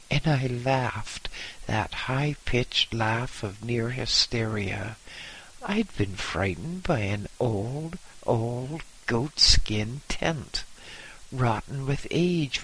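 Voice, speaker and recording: A man telling a first-person story as an audiobook narrator, dramatic and at times almost whispering. His voice is bright and breathy. He reads at a slow, deliberate pace. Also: mid-range voice, poor audio. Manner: dramatic, with some whispered passages.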